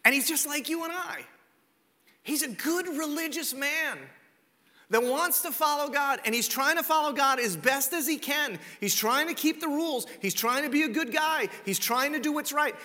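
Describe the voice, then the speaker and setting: Male pastor, high and lively, conversational sermon, long hall reverb. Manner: animated storytelling, conversational, asks rhetorical questions.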